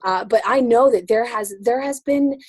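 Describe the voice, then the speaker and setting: A woman's voice: a little high, moderate pace, slightly rough, no echo. A woman leading a group discussion, speaking earnestly and searching for her words as she reflects.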